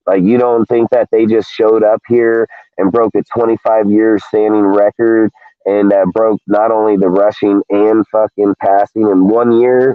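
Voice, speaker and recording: A man's voice: fairly low pitch, no echo. A man ranting in a casual sports talk show, heated and profane, calling everyone "dude". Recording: tinny phone-like line, dry.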